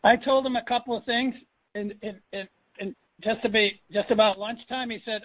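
A man's voice: high voice, fairly even intonation, moderate pace, dry recording. A man coaching his trainees on a call, stressing points by repeating them. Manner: emphatic, repeats himself for stress. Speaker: sales coach. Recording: phone line, dry.

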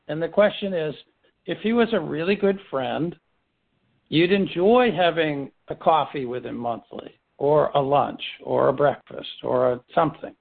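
A man's voice: fairly high pitch, measured pace, creaky. A man leading a business team meeting, coaching with rhetorical questions and many restarts. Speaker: firm leader running a team meeting. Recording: tinny phone-line sound.

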